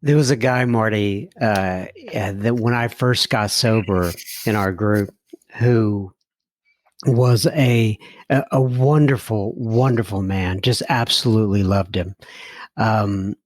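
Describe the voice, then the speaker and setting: A man's voice: fairly low pitch, slow, no echo, studio quality. A man hosting a recovery podcast, recalling stories in a reflective way and often searching for his words. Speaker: podcast host.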